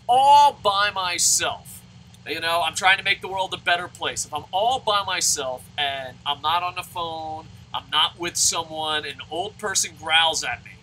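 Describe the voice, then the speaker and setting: A man commenting on a baseball video game while telling rambling stories, excitable and swearing. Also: fairly high pitch, a little hiss or hum, low-quality recording. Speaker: let's play gamer. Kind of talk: gaming commentary with storytelling.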